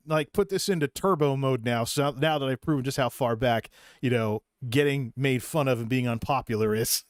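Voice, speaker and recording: A man's voice: mid-range voice, no echo, studio quality. A middle-aged man from Massachusetts telling a rambling, self-deprecating story about his own life in a vlog. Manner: rambling, self-deprecating, with frequent restarts and chuckles. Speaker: vlogger. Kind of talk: personal storytelling monologue.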